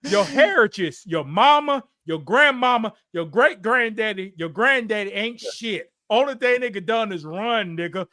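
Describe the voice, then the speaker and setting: A man co-hosting a streamed talk show, ranting in a confrontational, taunting, profane way and often breaking into shouts. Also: high-pitched, animated, moderate pace, few pauses, no room sound, studio quality. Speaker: podcast co-host.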